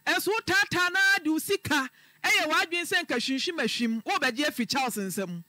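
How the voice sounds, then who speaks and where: A woman's voice: high-pitched, expressive, normal speed, bright, forceful tone, dry recording, clean studio sound. A woman hosting a radio advice show, questioning her caller directly and firmly.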